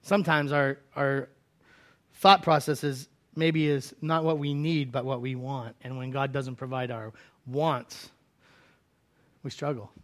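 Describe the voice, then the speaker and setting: A man preaching a conversational sermon as a pastor, swinging from loud, dramatic cries to hushed, low lines. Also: flat delivery, slow pace. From United States.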